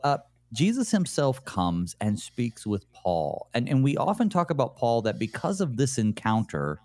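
A man's voice: mid-range voice, sing-song, normal speed, darkish tone, dry recording. A man, a guest pastor in a Bible study discussion, talking in a thoughtful, tentative way with many hesitations.

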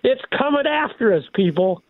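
An older man, a pastor and radio guest, talking through scripture in an animated, preacherly way with many restarts, over a phone line. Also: very high-pitched, normal speed, dry recording. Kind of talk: devotional radio talk.

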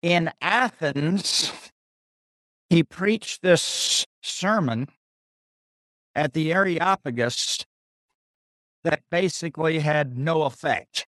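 A man teaching through a Bible passage verse by verse, deliberate and pausing, repeating key phrases for emphasis. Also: fairly high pitch, fairly bright tone, dry recording, clean studio sound. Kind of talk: slow expository Bible teaching.

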